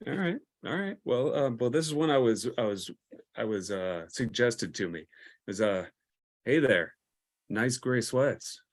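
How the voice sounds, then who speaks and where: A man's voice: mid-range voice, normal speed, darkish tone. A man cohosting a casual live stream, reading pickup lines with a lot of hesitation and laughter. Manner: laid-back, hesitant, laughs often.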